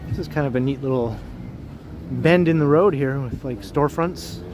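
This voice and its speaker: A man's voice: medium pitch, normal speed. Chatty man livestreaming on a noisy street. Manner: chatty and jokey, greets viewers by name. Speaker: livestream host. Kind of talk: casual walking livestream chat. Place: outdoors on city streets, walking. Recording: outdoor street noise. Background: street traffic.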